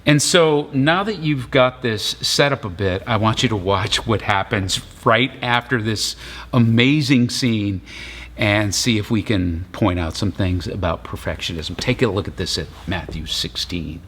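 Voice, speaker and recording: A man's voice: lowish voice, measured pace, fairly bright tone, slightly rough. A middle-aged man preaching a sermon in a conversational storytelling way, acting out the voices of the people in his story. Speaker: pastor.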